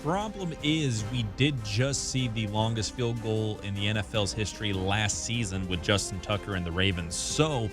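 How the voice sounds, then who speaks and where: A man's voice: fairly low pitch, normal speed, few pauses. A young man co-hosting a sports talk radio show, laid-back and wry, often laughing, with music behind. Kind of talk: casual sports chat.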